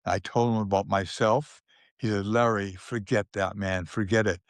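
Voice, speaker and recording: An older man, a guest in an interview, telling anecdotes in an unhurried way, with restarts and small chuckles. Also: fairly low pitch, fairly even intonation, no room sound, clean studio sound.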